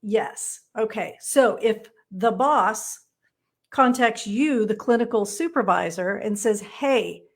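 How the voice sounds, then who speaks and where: A woman's voice: mid-range voice, takes it slowly. A woman from Texas, teaching counseling supervisors in a casual live stream, chatty and blunt, often tagging "right?" onto her points. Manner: chatty, frequent "right?" tag questions; blunt, playful asides.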